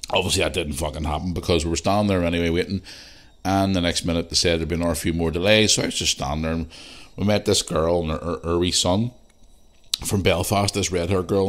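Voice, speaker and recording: A Northern Irish podcast host with a deep voice shares animated anecdotes in a casual solo episode from his living room. He swears without restraint and fills his speech with fillers.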